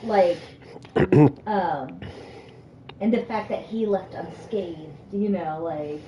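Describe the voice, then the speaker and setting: A woman's voice: fairly low pitch, slow pace, roomy sound, far from the mic, lo-fi sound, a little hiss or hum. A woman telling a personal story in a casual chat, quoting others as she goes. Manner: animated storytelling, quoting others, laughing often.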